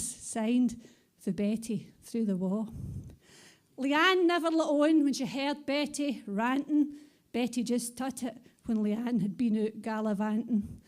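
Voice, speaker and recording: Scottish woman performing rhythmic poetry. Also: high-pitched. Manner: rhythmic, lively delivery. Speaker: poet. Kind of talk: live performance poetry in Scots. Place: bar venue, live event.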